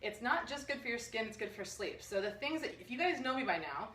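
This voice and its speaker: A woman's voice: on the high side, lively intonation, brisk, pushed and bright, roomy sound, far from the mic. A woman nutritionist hosting a live online health workshop, bubbly, jokey and full of energy. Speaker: nutritionist host. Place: room under bright lights.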